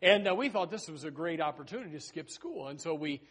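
A middle-aged male preacher drifts into a long personal story mid-sermon, rambling with plenty of restarts and asides. His voice is a little high for a man, expressive, fast, fairly bright, and slightly rough.

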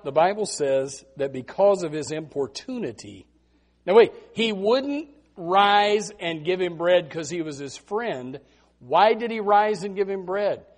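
High-voiced guy preaching a sermon, animated, repeats himself a lot. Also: slow pace. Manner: animated storytelling, repeats words. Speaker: pastor.

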